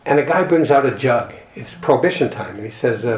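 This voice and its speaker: A man's voice: medium pitch, expressive, brisk, roomy sound, low-quality recording. A man speaking at a recovery group meeting, reading passages from a book and telling stories in an earnest, reflective way with wry humor. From Canada. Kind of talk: personal talk reading from a book.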